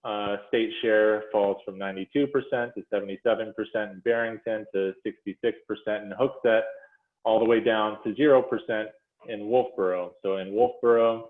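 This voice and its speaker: A man presenting figures to a commission in a measured, explanatory way, with frequent fillers and self-corrections, speaking over a video call. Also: on the low side. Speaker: presenter to a school funding commission. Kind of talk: policy presentation walking through slides. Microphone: video call audio. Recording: phone-like echoey video call audio.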